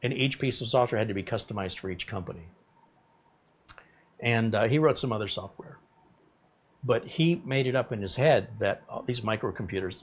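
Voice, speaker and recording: A man's voice: on the low side, expressive, moderate pace, pauses often, slightly rough. A man in his fifties hosting a live tech stream, chatting casually and rambling between topics while reading viewer comments. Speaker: tech YouTuber host.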